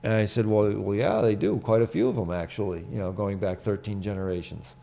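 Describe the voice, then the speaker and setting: Halting, mellow-voiced male talk show host. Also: lowish voice, creaky. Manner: halting, repeats words, many "you know"s. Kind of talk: casual chat.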